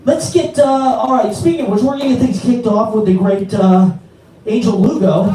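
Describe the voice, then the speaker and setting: A joking, loud man hosts an open mic night in a bar, his voice pitched high. He sounds far from the microphone, and the room rings with heavy echo. Music plays underneath. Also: expressive, normal speed. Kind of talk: hyping up a live open mic crowd. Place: bar with a live audience. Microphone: stage microphone.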